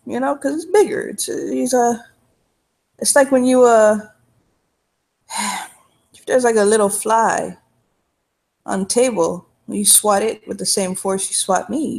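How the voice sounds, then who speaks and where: Gravelly-voiced woman telling folksy stories. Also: medium pitch, darkish tone. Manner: folksy, storytelling, rambling with restarts. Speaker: tabletop role-play player. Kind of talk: in-character role-play.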